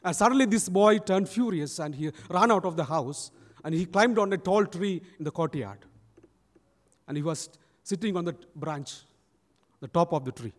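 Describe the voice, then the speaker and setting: A man's voice: high-pitched, lively intonation, moderate pace. A man preaching a sermon, telling a story and acting out its people. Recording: long church reverb.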